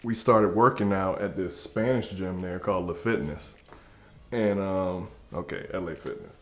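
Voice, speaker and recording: A man's voice: sits low, normal speed, soft background music. A man hosting his channel, telling a story in a casual, slangy way and acting out the people in it. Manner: animated, slangy, acts out dialogue.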